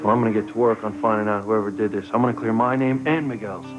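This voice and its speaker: An actor playing an earnest young man who reassures a friend and vows to clear his name. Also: on the low side, fairly even intonation, quick pace, lo-fi sound, over loud music, close to an everyday voice.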